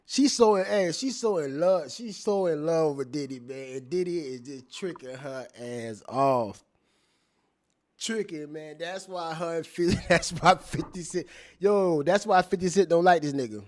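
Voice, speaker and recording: A man giving casual, profane commentary, animated and laughing, repeating phrases as he reacts. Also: a little high, unhurried. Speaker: commentator reacting to court testimony.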